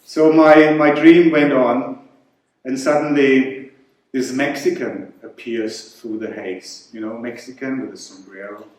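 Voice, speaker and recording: A man with a German accent doing stand-up comedy, telling a story deadpan and chuckling along. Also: medium pitch, a little slow. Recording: echoey hall from far off.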